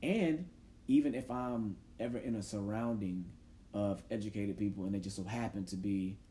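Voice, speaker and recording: A man's voice: lowish voice, moderate pace, mellow, slight background noise. A man hosting a podcast in casual chat, playful and laughing often. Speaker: podcast host.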